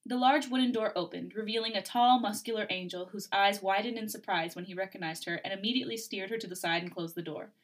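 A woman reading a fan fiction story aloud on a podcast, giving the characters' lines a lively, acted lilt. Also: mid-range voice, quick pace, hardly any pauses. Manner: lively, acts out dialogue, laughs often.

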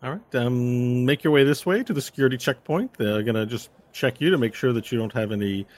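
A man's voice: mid-range voice, brisk, a little mellow, voice pushed up, lightly acted. A man voicing a cheery, chatty male escort who is eager to please.

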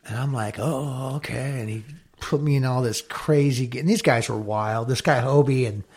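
A middle-aged man from Southern California tells stories in a gravelly, rough-edged voice. He is animated and profane and acts out the people in his tales. It sounds like a casual podcast chat. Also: medium pitch, moderate pace. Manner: animated, swears freely, acts out quotes. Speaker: podcast guest, dive company owner. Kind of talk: casual storytelling interview.

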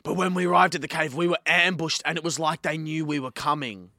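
A man's voice: fairly high pitch, fairly even intonation, brisk, pushed and bright, no echo, studio quality. A man voicing a heartbroken male orc warrior from a video game while retelling a story in his own casual voice. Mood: aggrieved.

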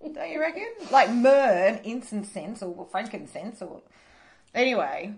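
A woman's voice: fairly high pitch, expressive, measured pace, creaky. An Australian woman co-hosting a podcast in casual chat, dry and irreverent, swearing freely. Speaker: podcast co-host.

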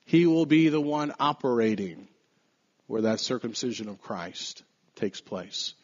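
A man preaching an earnest, emphatic podcast sermon, slowing down to stress key phrases. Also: mid-range voice, animated, muffled recording.

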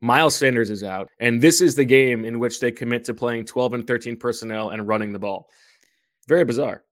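A man's voice: mid-range voice, a little fast, no echo, studio quality. A man hosting a sports podcast, asking his co-hosts questions in an easygoing, casual way. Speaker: podcast host.

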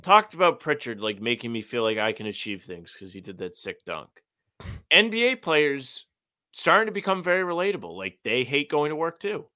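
Blunt, bright-voiced male podcaster. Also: medium pitch, big pitch swings, normal speed. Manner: blunt, profane, sarcastic. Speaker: podcast co-host. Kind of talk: casual sports chat.

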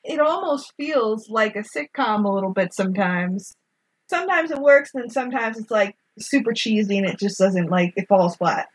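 A woman co-hosting a casual film recap, talking in an animated, gushing way and acting out characters' lines. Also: medium pitch, normal speed, slightly rough, low-quality recording. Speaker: podcast co-host.

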